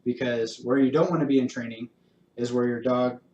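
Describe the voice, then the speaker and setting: Calm man teaching in an echoey room. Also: medium pitch, fairly quick, recorded from a distance, dull audio, slight background noise. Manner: calm, encouraging, explains step by step. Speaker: dog trainer. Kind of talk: instructional talk with live demonstration. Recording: roomy echo.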